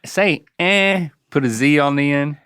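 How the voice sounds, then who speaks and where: A man's voice: a little high, a little slow, sharp tone, clean tone. A middle-aged man hosting a casual podcast chat, teasing and acting out quoted voices. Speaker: host.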